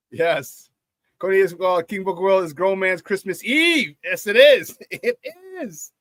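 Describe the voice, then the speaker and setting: A Chicago-area man hosts a casual sports talk radio show in a high voice, speaking slowly and pausing often with no echo. Animated and quick to laugh, he reads the live chat out loud and repeats himself as he goes.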